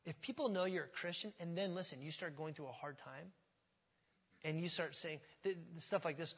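A man's voice: sits high, normal speed, fairly bright tone, slightly rough. A man preaching a sermon in a church, speaking conversationally and putting questions to the congregation. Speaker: pastor. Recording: hall reverb.

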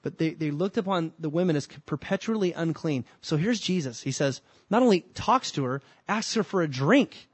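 A male pastor with a slightly raised voice preaches a sermon in a conversational style, swinging between emphatic rising bursts and slow, deliberate phrases. The sound is close and dry, without room echo. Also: fairly high pitch, lively intonation, breathy edge.

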